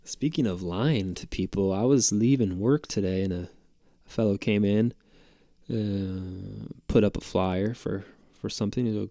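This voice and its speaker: A man with a gravelly, mellow voice rambles through a casual story as a podcast host. He jokes and swears freely. The sound is dry and close. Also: lowish voice, unhurried, no room sound. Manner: rambling, profane and jokey.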